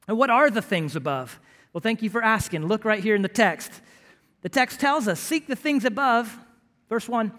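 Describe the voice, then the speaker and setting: A pastor preaching a sermon to his congregation, emphatic and rising to loud, pleading bursts. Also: sits high, expressive, measured pace, big-room sound.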